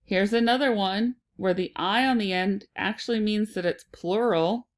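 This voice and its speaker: A woman teaching a phonics lesson to children, sounding out and repeating words slowly and deliberately. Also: medium pitch.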